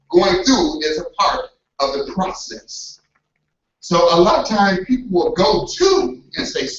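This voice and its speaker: Brief: high-pitched male preacher, animated, acts out voices and shouts, AAVE, recorded from afar in an echoey church hall with dull sound. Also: a little slow, distant mic, a little hiss or hum. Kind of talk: motivational sermon.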